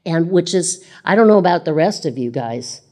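A woman's voice: on the low side, expressive, moderate pace, a little mellow. A woman preaching a sermon in a conversational way, reading scripture aloud and repeating phrases.

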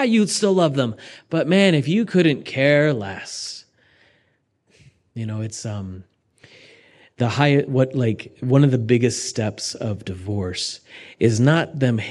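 A young adult man preaching a sermon, conversational and animated, swinging between raised urgency and hushed asides. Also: high-pitched. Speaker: pastor.

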